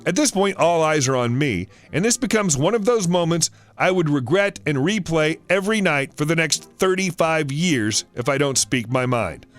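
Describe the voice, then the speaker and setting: Man, story narrator, wry and sarcastic, somewhat high voice, faint music behind. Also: expressive, moderate pace, few pauses. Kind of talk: reading a Reddit story aloud.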